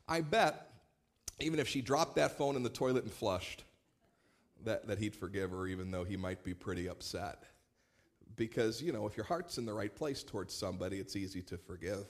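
A man, a pastor, preaching a sermon in a relaxed, storytelling way with light humor. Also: medium pitch. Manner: conversational storytelling with warm humor.

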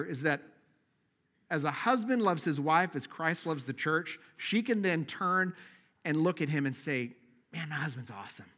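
A man's voice: fairly high pitch, a bit bright. A middle-aged man preaching a sermon as pastor, conversational and self-deprecating, laughing at himself now and then.

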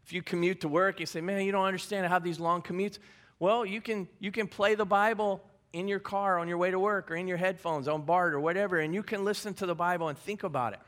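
A man's voice: sits high, fast talker, few pauses, a bit bright. A male pastor giving a sermon in a conversational way, repeating key phrases and adding light humor. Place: church service.

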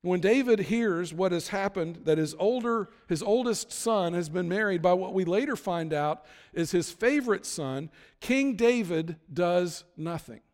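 A man's voice: sits high, expressive, a little slow, hardly any pauses, a little mellow. A man telling a sermon story in a casual, conversational way, now and then acting out what the characters say. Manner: casual retelling with acted-out quotes. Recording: long hall reverb.

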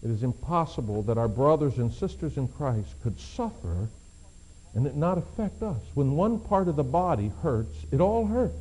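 A man preaching a sermon, shifting between hushed low passages and emphatic raised appeals. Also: big pitch swings, normal speed, rough recording. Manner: dramatic, swings from hushed to emphatic. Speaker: pastor.

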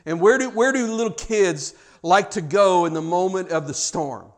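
Man, preacher, sermon, dramatic, loud-to-whisper swings, joking asides, fairly high voice. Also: normal speed. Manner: humorous asides. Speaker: pastor.

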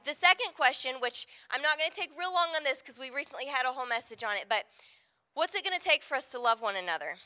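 A woman's voice: high voice, lively intonation, fast, pushed and bright. A woman pastor giving a conversational sermon, often checking in with the congregation with asides like "right?".

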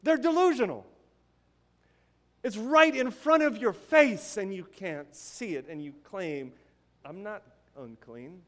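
A young man with a noticeably high voice delivers a sermon. He keeps it conversational, drifting into casual asides and rhetorical questions to keep listeners with him. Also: lively intonation, measured pace, fairly bright tone. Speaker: pastor.

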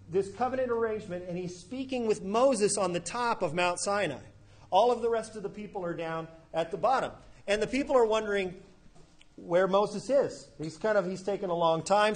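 A man preaching a sermon as pastor, telling the story in a conversational way and briefly acting out the people he quotes. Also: sits high. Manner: conversational storytelling, acts out quoted characters casually.

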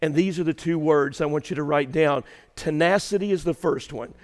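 A man preaching from the pulpit with a high-pitched voice that carries through a reverberant church hall. His delivery swings from quiet, intimate storytelling to loud, shouted emphasis. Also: normal speed. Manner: dynamic, swings from hushed to shouting. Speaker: pastor. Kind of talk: sermon. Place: church sanctuary.

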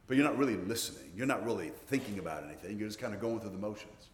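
A man's voice: on the low side, animated, rapid-fire, slight background noise. A man in his sixties, a pastor preaching a sermon in earnest, often repeating words as he restarts his sentences. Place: church. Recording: roomy church hall reverb.

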